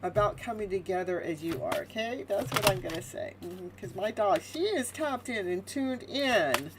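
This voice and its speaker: A woman hosting a live tarot reading, chatty and animated, laughing often as she talks to her viewers. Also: mid-range voice, normal speed, heavy background noise. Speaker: tarot reader.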